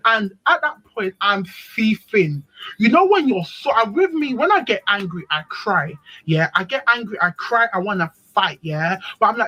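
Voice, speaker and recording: Animated woman telling a story. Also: mid-range voice, normal speed, muffled recording. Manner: animated, acts out the people in her story. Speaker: live stream panelist. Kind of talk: casual storytelling.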